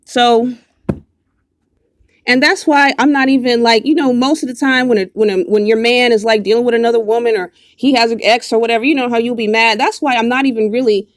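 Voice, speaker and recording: A woman's voice: on the high side, fairly even intonation, fairly quick, no echo, studio quality. Woman ranting, profane and mocking. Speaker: vlogger. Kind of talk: angry direct-to-camera rant.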